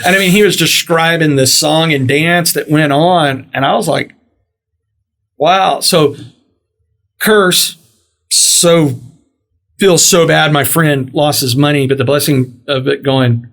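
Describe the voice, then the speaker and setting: This middle-aged podcast host has a fairly high, gravelly voice, speaking slowly with long pauses. Telling a lengthy story in a relaxed way, he's an animated narrator who performs each character's quoted dialogue.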